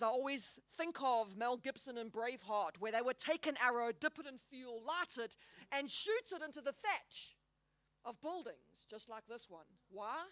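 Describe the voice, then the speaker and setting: A woman speaking at a Christian conference, earnest and emphatic, slowing down on key words with the odd playful aside. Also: high-pitched, a bit bright, no echo, studio quality. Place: hall.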